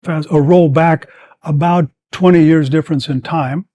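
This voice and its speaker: An older man in his seventies tells long stories as a podcast guest. He rambles with plenty of fillers but stays animated, in a voice that sits a bit high for a man. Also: normal speed, dry recording, highs cut off. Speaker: guest, former combat medic. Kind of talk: storytelling in a podcast interview.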